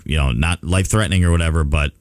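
A man's voice: extremely low pitch, very fast, dry recording. A middle-aged man hosting a radio show, telling a story in casual chat. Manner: storytelling, animated retelling. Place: radio studio.

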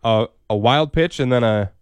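An easygoing man announcing on a sports radio show, agreeable and quick to laugh. His voice sits at a middle pitch, and the sound is dry and close to the mic. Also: clean tone, no room sound. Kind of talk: casual sports radio banter. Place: radio studio.

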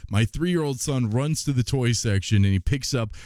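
A man's voice: mid-range voice, normal speed, darkish tone, no room sound, clean studio sound. A man in his thirties hosting a radio show, telling a family story in a chatty, self-deprecating way with many fillers. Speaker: radio host. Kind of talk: casual on-air storytelling.

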